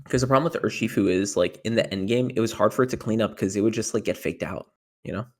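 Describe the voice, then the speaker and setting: A young man who won a tournament talks fast in a lowish voice during a casual interview. His account rambles with many fillers and grows animated whenever he describes panicking.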